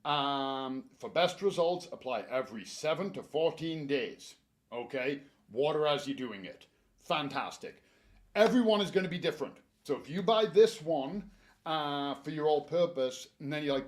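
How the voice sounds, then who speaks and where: A man's voice: fairly high pitch, moderate pace. Garden store staffer, man, casual and jokey presenter. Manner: chatty, joking, animated advice.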